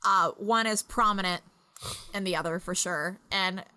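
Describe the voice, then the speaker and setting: A young woman co-hosting a casual podcast, chatty and quick to prompt and finish her partner's sentences. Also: mid-range voice, bright, forceful tone, clean tone. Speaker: podcast co-host.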